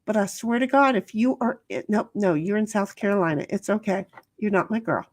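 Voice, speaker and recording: A woman hosts a casual livestream, reading chat and talking to her viewers in a rambling, profane way full of restarts. Her voice is medium-pitched and brisk, captured in studio quality with no echo.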